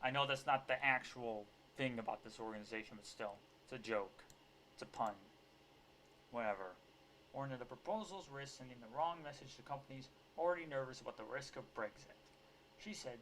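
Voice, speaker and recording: A man's voice: medium pitch, a little fast, a bit bright, a little hiss or hum. Sarcastic, ranting male commentator. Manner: sarcastic, profane, heated ranting. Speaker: political commentator. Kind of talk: ranting commentary on a news article.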